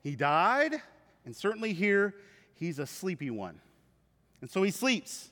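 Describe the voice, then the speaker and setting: A man preaching a sermon to his church, with animated storytelling. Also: high voice, measured pace. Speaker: pastor. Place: church sanctuary. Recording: reverberant hall.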